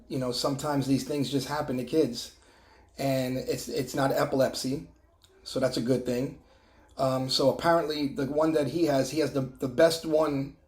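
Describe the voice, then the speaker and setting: A middle-aged man sharing a personal testimony in an emotional, halting way, with many restarts and fillers. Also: mid-range voice, darkish tone, roomy sound. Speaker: testimony vlogger.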